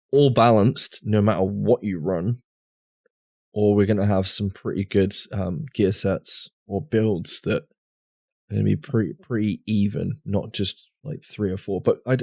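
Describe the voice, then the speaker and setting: A man co-hosting a gaming podcast in a loose, rambling chat. His voice sits on the low side. The sound is close and dry, with no room around it. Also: vocal fry, mellow, no echo. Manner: rambling, restarts, filler words. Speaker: podcast co-host. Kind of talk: casual chat over drinks.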